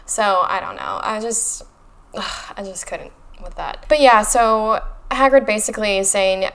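Sarcastic, animated woman podcast co-host. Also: medium pitch, measured pace. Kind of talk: casual book discussion.

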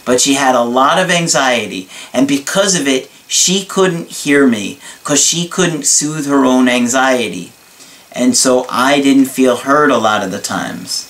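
A man from New York talks slowly and reflectively, earnest and halting as he works through a personal story. His voice sits at a middle pitch. He is heard a little away from the microphone. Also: fairly bright tone. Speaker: relationship video creator. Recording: voice somewhat far from mic.

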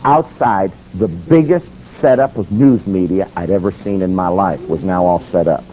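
A man preaching, telling a story and acting out the quotes. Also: normal speed. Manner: animated, acts out quotes with shifting pitch. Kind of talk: sermon storytelling. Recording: slightly dull recording with faint noise.

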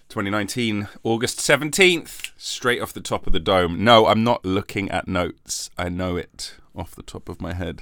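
A man's voice: low voice, a bit bright, no room sound, studio quality. A man hosting a comic solo podcast, rambling and mock-defensive, with a lingering cough after covid. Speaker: podcast host.

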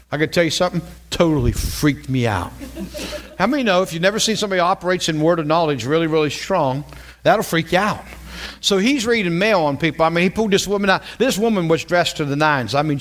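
Speaking in a slightly high voice, a middle-aged man preaches a story-driven sermon as a pastor. He keeps it conversational and lively, hammering points home by repeating phrases.

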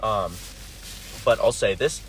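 A man co-hosting a casual food review, talking with enthusiasm and a lively build-up. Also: lowish voice, slow, slight background noise. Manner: enthusiastic, animated, likes a dramatic "you know what?".

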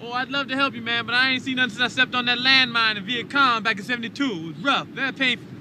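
An actor playing a street con man who fakes being a blind, legless veteran, boasting fast and rambling, in a film clip with street noise. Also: very high voice. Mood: scheming.

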